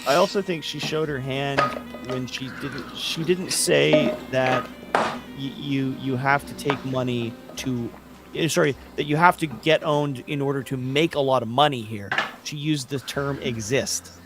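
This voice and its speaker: Podcast dude being blunt and sweary, mid voice, a little music under it. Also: male voice, mid-range voice, a little slow. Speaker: podcast co-host. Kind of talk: casual political podcast chat.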